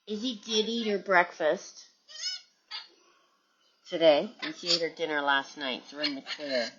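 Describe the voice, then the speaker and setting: A woman's voice: deep voice, unhurried, dull audio, noisy background. A woman hosting a parrot channel, chatting casually at home with her birds and reading viewer comments.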